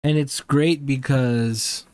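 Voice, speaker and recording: A man with a mid-range voice co-hosts a podcast, speaking in an easygoing, meandering way that is full of pauses and restarts. The recording is dry and close, with no room sound. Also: medium pitch, fairly even intonation, a little mellow, clean tone, no echo. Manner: laid-back, rambling, drawn-out phrasing with hesitations. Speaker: podcast co-host. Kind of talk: casual chat.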